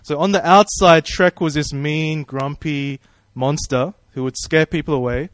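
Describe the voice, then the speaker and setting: A man's voice: on the high side, fairly even intonation, measured pace, dry recording. A man preaching a sermon in a friendly, conversational way, praying and asking the congregation questions. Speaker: pastor.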